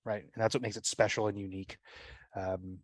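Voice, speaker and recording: A man's voice: fairly low pitch, little pitch movement, brisk, dry recording. Rambling man player at a game table. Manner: rambling, with many fillers like "like" and "right?". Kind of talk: casual chat describing his character's actions.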